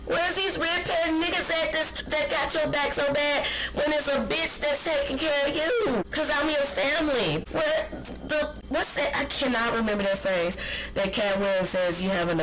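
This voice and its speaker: A woman's voice: medium pitch, a bit bright, low-quality recording. A woman hosting a solo podcast, ranting with passion and plenty of profanity. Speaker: podcast host.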